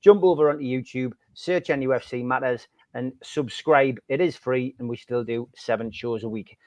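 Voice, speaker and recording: A man's voice: medium pitch, moderate pace, a little mellow, no echo. A man hosting a fan podcast, chatty and cheeky as he reads out jokes. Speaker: podcast host. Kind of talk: casual chat reading out jokes.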